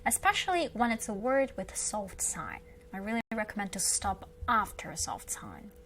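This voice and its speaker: A woman with a Russian accent, teaching Russian to beginners, who patiently repeats each word slowly several times. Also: mid-range voice, very animated, fairly bright tone, slight background noise. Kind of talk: slow beginner language lesson.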